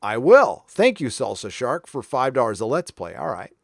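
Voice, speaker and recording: A man's voice: mid-range voice, very animated, moderate pace, gravelly, no echo, clean studio sound. Sarcastic man hosting a livestream. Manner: sarcastic, mock-earnest. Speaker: host reading viewer donations. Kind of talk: casual livestream chat.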